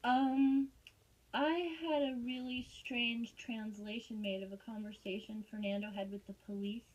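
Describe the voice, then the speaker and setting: A woman with a high voice talks on a tense phone call. She sounds defensive, with an edge of sarcasm, and rambles through long explanations. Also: steady tone, a little slow. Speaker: caller and neighbour in a dispute.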